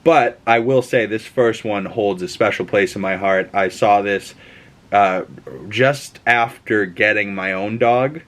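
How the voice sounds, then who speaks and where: A young man giving a casual movie review, rambling and excitable, with plenty of cursing. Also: on the low side, unhurried.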